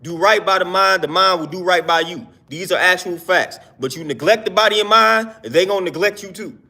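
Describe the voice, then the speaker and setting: A man's voice: sits high, brisk, creaky, bright, forceful tone. A young man in his twenties talking earnestly in a casual live-stream monologue, slangy and repeating himself for emphasis.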